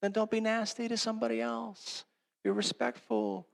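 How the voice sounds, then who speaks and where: A middle-aged man, a pastor, preaching a sermon in a conversational storytelling way, swinging between loud emphatic lines and hushed ones. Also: high voice, level tone, moderate pace, creaky.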